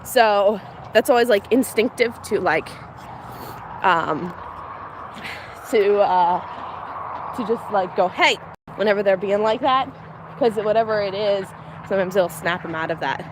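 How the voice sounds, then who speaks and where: A woman's voice: medium pitch, a little slow, long pauses. A young woman chatting casually on a farm livestream, laughing often and talking to her animals outdoors. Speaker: homestead livestreamer. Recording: faint outdoor noise.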